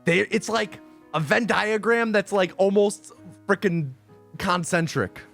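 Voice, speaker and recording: Male streamer, rambling chat, high voice, insists and repeats himself. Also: unhurried, gravelly, a bit bright, soft background music. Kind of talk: casual livestream chat.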